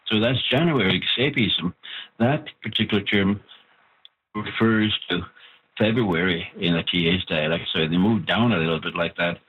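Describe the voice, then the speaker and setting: A man who wrote a language book explains it in a phone interview, in a measured way with pauses and fillers. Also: low voice, a little hiss or hum. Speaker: author of a Cree language book. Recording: tinny phone line.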